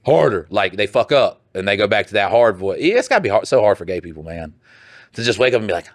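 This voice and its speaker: A young man co-hosting a podcast, talking bluntly and crudely in a somewhat low voice. The sound is dry and close, with no room around it. He swears freely and reads listener letters in the same offhand way. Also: big pitch swings, quick pace, no room sound. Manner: blunt, profane, mocking put-on voices. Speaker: podcast co-host. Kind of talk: crude casual chat, reading listener letters.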